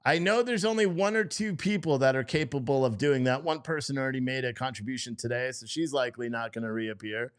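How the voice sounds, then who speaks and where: A man's voice: mid-range voice, brisk, hardly any pauses, smooth. Profane, mocking male live streamer. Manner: profane, mocking, reacts loudly to what he reads; chats with viewers in the chat. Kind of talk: casual live stream commentary reading posts aloud.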